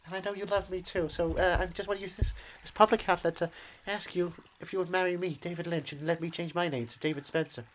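A man co-hosting a podcast, rambling through absurd jokes in a deadpan, casual way. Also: sits high, quick pace, hardly any pauses, a little hiss or hum. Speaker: podcast co-host. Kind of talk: casual comedic chat.

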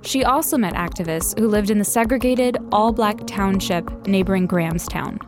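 Woman narrator, measured scripted read, mid pitch, music bed under the narration. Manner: measured, clear storytelling delivery.

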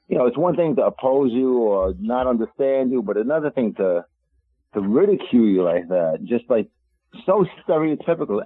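A man's voice: mid-range voice, husky, no echo. A man calling in to a radio talk show, emphatic and indignant, rambling as he talks over the phone. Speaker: caller. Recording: dry tinny phone line.

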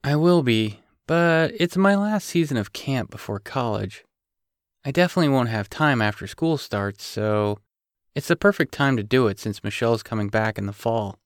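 A man voicing an excited, teasing teenage girl about to start college, eager and pushy. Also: medium pitch, normal speed, smooth, no room sound, studio quality, lightly acted. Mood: upbeat.

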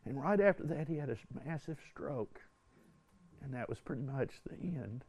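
An older man telling a personal story to a religious retreat group, earnest and halting, often restarting his sentences. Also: mid-range voice, expressive, darkish tone, slightly rough. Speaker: retreat speaker. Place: indoor retreat hall.

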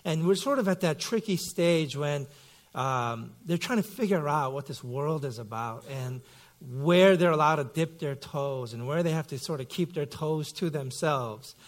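Fairly high-voiced guy preaching, chatty, lots of uhs and ums, tells stories. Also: lively intonation, unhurried. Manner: conversational storytelling with frequent fillers. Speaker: pastor. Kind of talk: sermon. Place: church sanctuary.

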